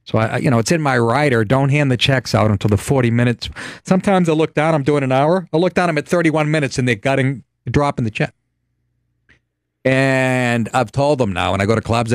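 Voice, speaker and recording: A middle-aged man with a medium-pitched voice talks fairly quickly in a dry, clean studio recording. Hosting a comedy talk show, he rants sarcastically with profanity and frequent laughs in comedic radio banter.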